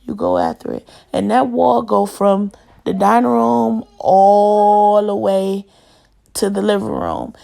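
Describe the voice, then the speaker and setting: A young adult woman who vlogs about home decor rambles casually through a home tour, repeatedly calling her viewers y'all. Her voice is medium-pitched, creaky, and dark in tone, animated yet slow-paced.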